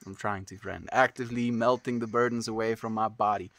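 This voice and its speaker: A man's voice: lowish voice, fairly even intonation, brisk, fairly bright tone. A man livestreaming from home, chatting casually with viewers and reading their messages, calling them dude and friend. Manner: laid-back, calls people dude and friend.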